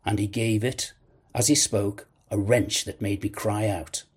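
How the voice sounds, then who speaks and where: A man narrating a classic adventure novel in a measured storytelling manner. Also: fairly low pitch, steady tone, husky. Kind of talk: audiobook narration.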